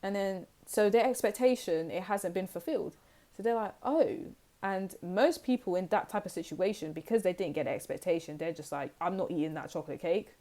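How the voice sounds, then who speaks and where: Speaking fairly quickly in a mellow, medium-pitched voice, a young British woman rambles her way through a relaxed tarot reading. She chats freely and plays out little scenarios to illustrate her points.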